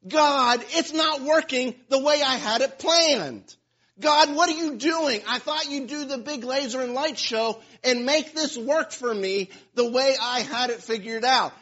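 A man's voice: extremely high pitch, unhurried, sharp tone, voice pushed up, full character voice. A man voicing a frustrated person whining and pleading with God. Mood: complaining. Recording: dull lo-fi sound.

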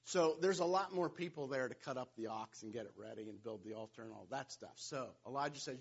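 Husky pastor telling a lively story. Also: male voice, medium pitch, a little fast, few pauses. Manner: storytelling, playful, jokey asides. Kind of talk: sermon. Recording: dull, lo-fi sound.

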